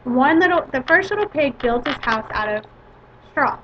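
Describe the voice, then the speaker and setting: Woman teacher, high voice, measured step-by-step lesson, dull lo-fi recording. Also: animated. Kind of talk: lesson to a class. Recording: dull lo-fi recording with faint hiss.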